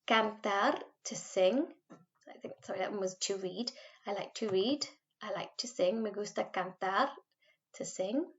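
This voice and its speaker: A woman's voice: medium pitch, muffled recording. Patient Welsh woman teaching Spanish. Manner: patient, modelling words slowly for repetition. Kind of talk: recorded remote language lesson.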